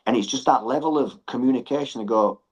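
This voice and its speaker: A man's voice: medium pitch, fast talker, slightly rough, low-quality recording. A middle-aged man, a gym owner and coach talking earnestly as a podcast guest and repeating phrases for emphasis.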